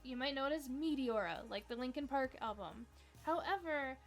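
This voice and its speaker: A woman's voice: sits high, normal speed, faint music behind. A young woman hosting a casual livestream trivia game, chatty and upbeat, dropping "like" often as she talks to viewers.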